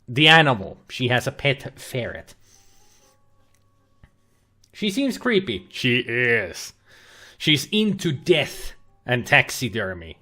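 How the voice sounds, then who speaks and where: A man's voice: medium pitch, bright, forceful tone. A man casually chatting and rambling on a livestream while playing an adventure game, using a webcam and laptop setup. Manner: chatty, rambling, with frequent fillers and restarts. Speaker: game streamer.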